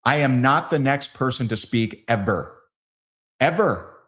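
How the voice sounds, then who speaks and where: A man leading a live sales training, acting out both sides of sales calls in lively quoted dialogue. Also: medium pitch, measured pace.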